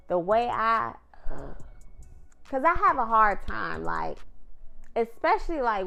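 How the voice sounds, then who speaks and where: A woman's voice: medium pitch, a bit bright, clean tone. A woman casually recapping a TV episode in a chatty, slangy way, often calling her viewer "girl". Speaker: TV recap vlogger.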